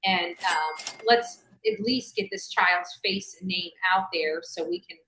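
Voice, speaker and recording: A woman's voice: lowish voice, pushed and bright, slight background noise. Rambling woman in an echoey room. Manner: rambling, halting, many fillers and restarts. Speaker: true-crime video host. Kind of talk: rambling livestream commentary.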